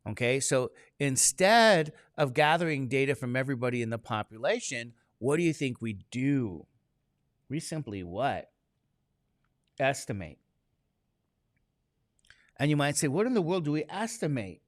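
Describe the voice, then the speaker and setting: A man's voice: mid-range voice, big pitch swings, measured pace, pauses often, dry recording, studio quality. A man teaching statistics to a classroom, talking casually and constantly quizzing his students with questions. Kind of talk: classroom lecture.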